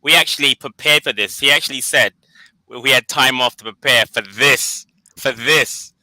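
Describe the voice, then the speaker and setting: A man's voice: mid-range voice, moderate pace, pushed and bright, no room sound, low-quality recording. A man joining a football watch-along as a guest, blunt and laughing in resignation. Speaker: guest caller. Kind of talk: casual watch-along chat.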